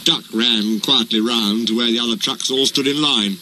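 A man reading a children's train story aloud in an even, unhurried manner. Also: medium pitch, slight background noise, poor audio.

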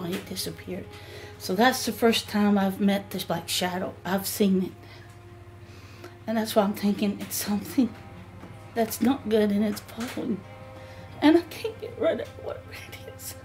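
A middle-aged woman telling a personal story in a halting way, full of fillers and restarts. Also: mid-range voice, darkish tone. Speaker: homeowner telling her story. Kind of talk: emotional personal account.

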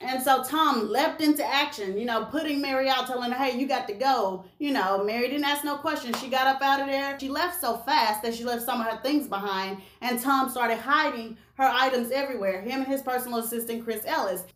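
A woman's voice: high voice, brisk, hardly any pauses, fairly bright tone, roomy sound. A woman hosting a gossip video, telling a story to camera in a sassy, slangy way and acting out the voices of the people in it.

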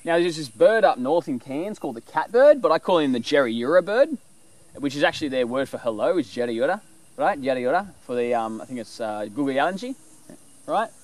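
A man talks through animal calls in a casual, wandering way. His voice sits a little high and swings widely up and down. He often drops into bird call imitations. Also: big pitch swings, brisk, dry recording. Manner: loose and rambling, breaks into bird call imitations. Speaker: presenter teaching animal call mimicry. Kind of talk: casual explanatory talk.

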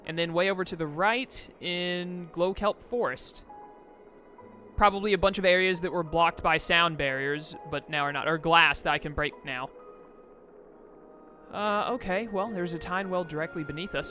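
Soft background music sits under this young gamer's commentary, delivered at a moderate pace in a fairly high, sharp voice. Chatty and often exasperated, he keeps talking back to the game as he plays.

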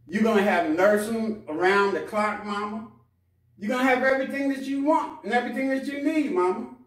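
A preacher plays a smooth-talking grown son who sweet-talks his mother. The tone is coaxing and falsely reassuring. It is heard from some distance in an echoey space. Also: high-pitched, a little fast, natural voice.

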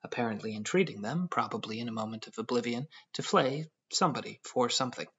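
A man narrating an audiobook in a measured storytelling manner. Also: mid-range voice, fairly bright tone, breathy edge. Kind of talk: scripted narration. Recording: dull lo-fi audio.

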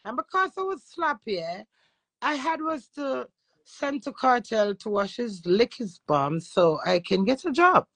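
A woman's voice: a little high, big pitch swings, a little slow, fairly bright tone, no echo. A Jamaican woman ranting brashly and crudely on a phone live stream, defiant toward her critics. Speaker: social media personality. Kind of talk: instagram live rant.

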